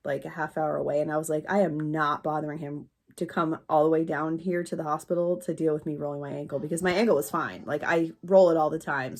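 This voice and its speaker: A woman who runs a small pottery and candle business, chatting casually on her vlog and telling a candid, rambling story with crude humor. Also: lowish voice.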